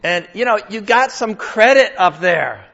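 An older pastor delivers his sermon in a high, bright-sounding voice, shifting between a loose, joking tone and firm emphasis. The recording is dull and lo-fi. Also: lively intonation, measured pace, vocal fry. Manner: conversational, emphatic, jokes with the congregation. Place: church hall with a congregation.

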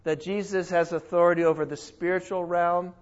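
A man teaching the Bible verse by verse in a lively way, often exclaiming and correcting himself. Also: sits high, fairly quick, dull audio.

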